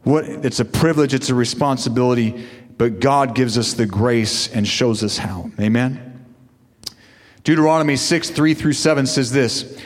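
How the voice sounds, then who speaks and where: Man, pastor, preaching a sermon, call-and-response asides, mid-pitched voice, long echo of a large hall. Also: moderate pace.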